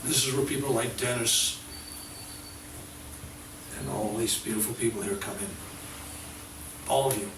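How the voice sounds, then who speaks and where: An older man giving a spiritual workshop lecture, telling a story with animated acted-out dialogue. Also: mid-range voice, measured pace, long pauses, noisy background. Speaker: workshop speaker. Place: workshop room. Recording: roomy sound from a distant mic.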